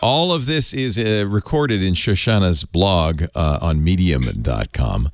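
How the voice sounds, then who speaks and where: A man's voice: low voice, a little slow. A middle-aged man hosting a tech panel show, telling jokey stories in casual chat. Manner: jokey, animated storyteller. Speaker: host.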